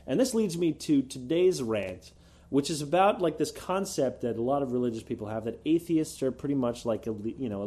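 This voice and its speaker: Podcast co-host, male, sarcastic ranter, swears, lively pitch, mellow tone. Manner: animated, sarcastic, mocks others in put-on voices; swears freely. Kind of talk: casual opinion rant.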